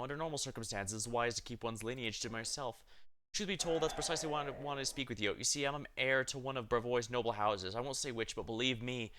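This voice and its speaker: A polite, smooth-talking young noble heir with a secretive air, read by a man. The voice is bright and of middling pitch, courteous throughout. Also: slight background noise, close to an everyday voice.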